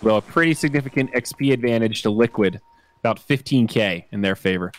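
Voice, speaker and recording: Man calling esports play-by-play. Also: fairly low pitch. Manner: excitable, rapid call of the action. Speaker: esports caster. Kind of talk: live play-by-play commentary.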